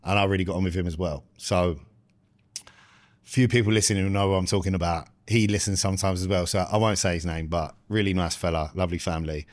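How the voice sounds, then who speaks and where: A British man with a fairly low voice chats casually on a podcast, spinning a loose, rambling story. The sound is dry and close, with no room in it. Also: steady tone, quick pace, no echo. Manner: rambling, chatty anecdote telling. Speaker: podcast co-host. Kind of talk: casual chat.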